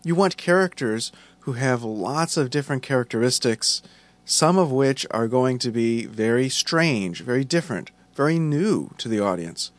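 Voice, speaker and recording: A man's voice: mid-range voice, expressive, moderate pace, no room sound. A man hosting a podcast lesson on writing fiction, reading a story passage aloud and explaining it in a conversational, playful way.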